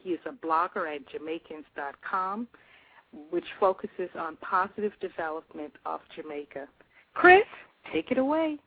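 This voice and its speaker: A woman hosting a radio show, reading a scripted guest introduction in measured phrases. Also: fairly low pitch, expressive, breathy edge. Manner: reads a long list of credits in measured phrases. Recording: tinny phone line.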